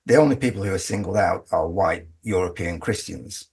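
A middle-aged Englishman living in Australia, speaking as an interview guest in a halting way with many restarts. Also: deep voice, a little mellow, slightly rough. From England. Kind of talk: conversational interview.

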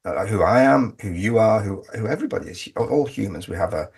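A middle-aged Englishman living in Australia, speaking as an interview guest in a halting way with many restarts. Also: fairly low pitch, lively intonation, gravelly, a little mellow, slightly rough. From England. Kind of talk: conversational interview.

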